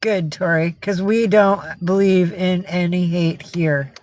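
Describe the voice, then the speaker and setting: A woman's voice: lowish voice, steady tone, unhurried, a little mellow, no room sound. A woman from upstate New York hosting a casual livestream, chatting with viewers, greeting them by name and swearing freely. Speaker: livestream host.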